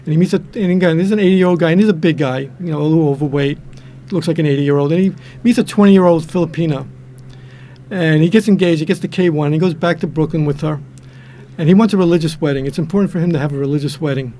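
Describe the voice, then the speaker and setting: A man's voice: a little high, fast talker, warm tone, a little hiss or hum. An older man from the New York and New Jersey area, a guest in a casual chat, telling jokes in a rambling way with many restarts. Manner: rambling, repeats and restarts words, acts out quotes.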